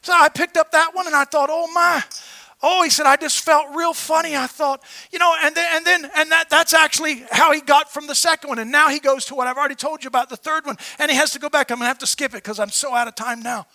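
A man preaching a sermon, telling a story with fervor, often shouting and tripping over repeated words. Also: extremely high pitch, fairly even intonation, fast.

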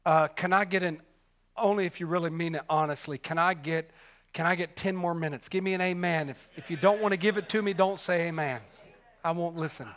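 A man preaching a sermon with passion, repeating himself and restarting often, moving between loud cries and hushed murmurs. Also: on the high side, brisk. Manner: repetitive, restarts with many fillers.

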